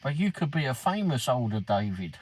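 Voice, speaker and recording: A man's voice: medium pitch, very animated, brisk, darkish tone, slightly rough, rough recording. A man live-streaming late at night, chatting casually, greeting viewers by name and answering the chat.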